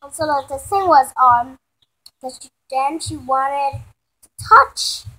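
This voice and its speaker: A woman's voice: high voice, steady tone, unhurried, a bit bright. A woman telling an improvised story in a rambling way, often restarting and correcting herself.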